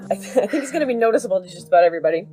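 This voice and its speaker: A woman's voice: medium pitch, animated, very fast, warm tone, soft background music. A woman playing a tabletop game, talking casually and often laughing. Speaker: player.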